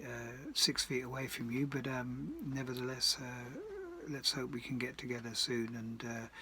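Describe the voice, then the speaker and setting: Rambling man chatting from a shed. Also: medium pitch. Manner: rambling, hesitant, full of ums and dry asides. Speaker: singer-songwriter. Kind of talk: casual storytelling between songs. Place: garden shed.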